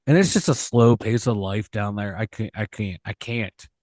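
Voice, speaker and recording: A man with a Pittsburgh accent co-hosting a sports talk show, relaxed and joking. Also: lowish voice, normal speed, dry recording, clean studio sound. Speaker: co-host. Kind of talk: casual sports chat.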